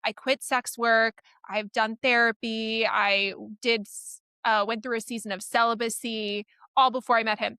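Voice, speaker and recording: A woman's voice: fairly high pitch, fairly even intonation, measured pace, few pauses, sharp tone, clear, resonant tone, dry recording. A woman co-hosting a podcast, talking bluntly and with indignant emphasis in casual chat. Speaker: podcast co-host.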